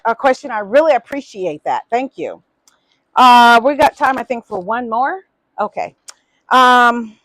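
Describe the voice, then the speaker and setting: A woman's voice: fairly high pitch, no echo. A woman in her fifties, hosting a small talk show and telling her own story earnestly, with many fillers and restarts. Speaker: host answering audience questions.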